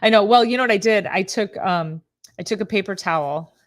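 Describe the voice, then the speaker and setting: A woman's voice: medium pitch, fairly quick. A middle-aged woman hosting a casual live-stream chat as a chiropractor. She rambles, laughs often and talks straight to her viewers by name. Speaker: host, chiropractor.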